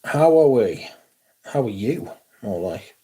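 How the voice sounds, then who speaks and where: Guy hosting a livestream, slow and drawn out, swears a lot and grumbles. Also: mid-range voice, very animated, dark tone, breathy edge. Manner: sweary, grumbling about technical trouble. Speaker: livestream host. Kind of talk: casual livestream chat.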